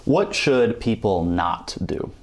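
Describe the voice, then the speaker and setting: A man's voice: on the low side, big pitch swings, takes it slowly. A man hosting an interview, speaking in an enthusiastic, emphatic casual style and often chiming in with agreement. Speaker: interview host.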